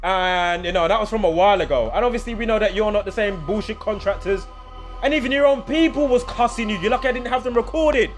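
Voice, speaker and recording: A man's voice: sits high, fast, faint music behind. A man, ranting angrily and profanely to camera in a vlog, heated and sarcastic. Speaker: vlogger. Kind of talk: angry ranting monologue to camera.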